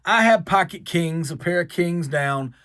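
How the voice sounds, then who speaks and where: A man from the American South with a long drawn-out Southern accent, telling a self-mocking story. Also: fairly high pitch, dry recording, clean studio sound. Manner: drawled, self-mocking, animated. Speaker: vlogger. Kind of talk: storytelling to camera.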